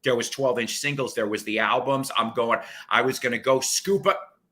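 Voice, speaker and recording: A man hosting a casual radio show, excitable and profane, laughing often and slipping into impressions. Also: medium pitch, moderate pace. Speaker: radio host and record collector. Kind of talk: casual chat. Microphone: studio mics.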